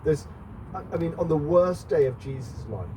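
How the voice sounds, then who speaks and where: Speaking at a moderate pace with an animated, fairly high voice, a middle-aged preacher gives a chatty sermon in church. He talks with the congregation and puts questions to them. Faint background noise comes through the distant mic.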